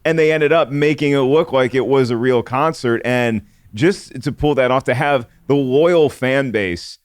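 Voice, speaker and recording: A man co-hosts a film chat and gives earnest, enthusiastic analysis. His voice is smooth and resonant, recorded close and dry. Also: medium pitch, a little slow, no room sound. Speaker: podcast co-host. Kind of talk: casual film discussion.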